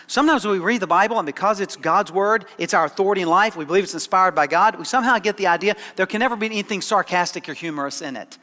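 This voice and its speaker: A man's voice: sits high, animated, fast, hardly any pauses, pushed and bright, big-room sound. A man preaching a sermon as pastor, conversational and dryly sarcastic, often repeating words as he starts a thought. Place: church sanctuary.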